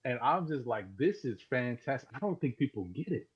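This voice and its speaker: A man calling in to a live sports talk show over a voice chat, talking excitedly and rambling, often repeating words as he restarts. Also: mid-range voice, fairly quick, slightly rough. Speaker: caller. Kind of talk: casual call-in sports talk. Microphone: Discord voice call. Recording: dull lo-fi call audio.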